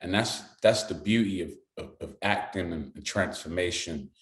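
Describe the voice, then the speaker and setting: A man with a British accent, an actor guest telling an animated story in conversation. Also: low voice, moderate pace, reverberant. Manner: lively storyteller who slips into voices.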